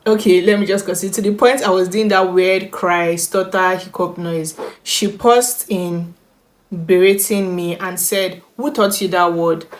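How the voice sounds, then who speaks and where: A woman's voice: lowish voice, fairly even intonation, a little slow. A woman hosting a reaction vlog, chatty and bubbly, laughing often as she reads stories aloud. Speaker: YouTuber.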